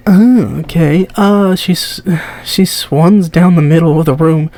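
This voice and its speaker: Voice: medium pitch, unhurried, few pauses, warm tone. A streamer reading a text game aloud, giggling often, stumbling over words and asking confused asides.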